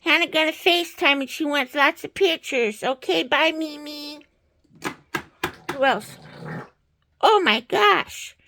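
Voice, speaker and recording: A woman playing with stuffed animals, talking in a slow, coaxing, babying sing-song manner. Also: high-pitched, expressive, vocal fry, bright, forceful tone. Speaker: caregiver playing with toys. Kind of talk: playful talk to an adult in her care.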